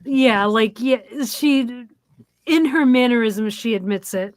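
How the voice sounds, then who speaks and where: A woman's voice: a little high, slow pace, no echo. A woman co-hosting a show, casually retelling a TV episode scene by scene with frequent ums and quoted dialogue. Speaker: podcast co-host. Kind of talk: casual chat recapping a TV episode.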